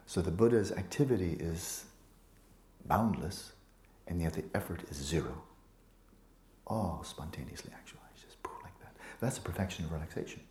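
Deep-voiced man giving a relaxed dharma talk. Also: moderate pace, slight background noise. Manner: relaxed, playful, often dropping to a soft whisper; teases students by name. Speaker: meditation teacher. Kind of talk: dharma talk to a retreat group. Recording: echoey room with faint ambience.

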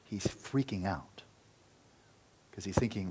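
A man giving a Buddhist dharma talk, telling a story in an earnest, loose way that often falls quiet. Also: lowish voice, moderate pace, husky. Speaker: Buddhist teacher.

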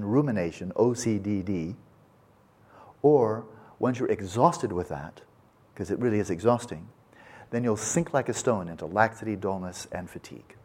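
Man, meditation teacher, husky lowish voice, folksy storyteller, relaxed dharma talk. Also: normal speed. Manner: folksy, animated storytelling with casual asides. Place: meditation retreat.

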